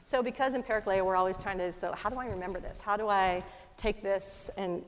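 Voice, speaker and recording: A middle-aged woman telling a personal story in a fast, animated way, with lively voices for the people she quotes. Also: on the low side, a little hiss or hum. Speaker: speaker. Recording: long hall reverb.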